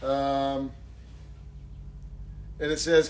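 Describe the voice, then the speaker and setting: A man with a fairly high-pitched voice chats casually on a live stream while he signs autographs. He jokes about himself and thanks each fan warmly. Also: animated, unhurried, a little hiss or hum. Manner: jokey, self-mocking, warm thanks.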